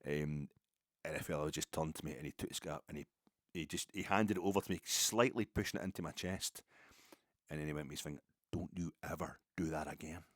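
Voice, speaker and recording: Scottish guy, deep voice, dead dry sound, rambly podcast storytelling, laughs at himself. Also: steady tone, fast talker, no echo. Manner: rambling, self-mocking, frequent restarts. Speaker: podcast host. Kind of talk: casual storytelling.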